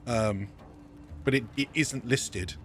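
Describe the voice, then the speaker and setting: A man's voice: medium pitch, takes it slowly, a bit bright, faint music behind. A man casually commentating his gameplay as a let's play streamer, thinking aloud and correcting himself as he goes.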